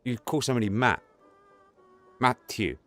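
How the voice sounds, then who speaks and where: A man's voice: medium pitch, normal speed, fairly bright tone, soft background music. A man with an Estuary English accent from England, chatting casually on a podcast, rambling with lots of stumbles and restarts and some crude banter. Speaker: podcast co-host. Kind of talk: casual chat.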